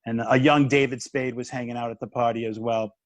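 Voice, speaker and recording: A man in his fifties, a comedian turned minister, telling a story in a casual chat with quick restarts and acted-out dialogue. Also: medium pitch, fairly even intonation, dry recording.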